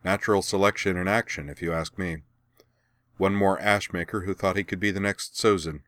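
A man reading as a cold, dismissive hospital doctor who speaks in a clinical, detached and measured way. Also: low voice, fairly even intonation, fairly bright tone, no room sound, studio quality.

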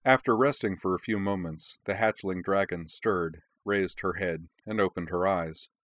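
Deep-voiced male audiobook narrator. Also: normal speed, a bit bright, dry recording, studio quality.

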